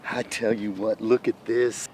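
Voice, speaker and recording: A man hosting a hunting show, giving excited outdoor commentary in the field, at times dropping to a hushed voice. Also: fairly low pitch, unhurried, slight background noise.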